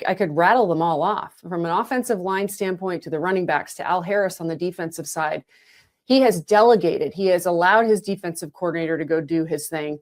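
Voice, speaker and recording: A woman's voice: fairly low pitch, a little mellow. A woman talking as a guest analyst on a sports podcast, emphatic and conversational. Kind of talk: casual podcast chat.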